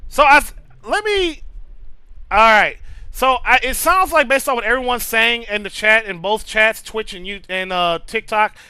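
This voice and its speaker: Bright, crisp-voiced man streaming casually. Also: sits high, normal speed, no echo, rough recording. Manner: loose, profane, stammering restarts, reads chat names aloud. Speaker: streamer chatting with viewers. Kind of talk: casual live-stream chat.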